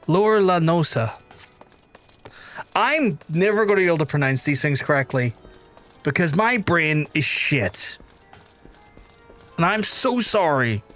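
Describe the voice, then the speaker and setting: Male streamer, chatty and excitable, sweary, fairly high voice, faint music underneath. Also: a little slow, pauses often. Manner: excitable, swears often, pitch jumps high when amazed. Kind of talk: casual gaming livestream chat.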